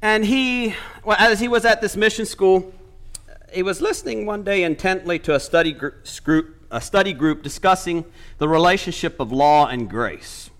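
A man's voice: sits high, normal speed, a bit bright. A man preaching a sermon, retelling a story with quoted speech and building to emphatic points.

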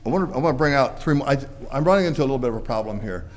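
With lively intonation and rapid-fire delivery, a man preaches to his church, surging to loud, emphatic peaks and settling into quiet, low endings. The recording carries a little hiss or hum.

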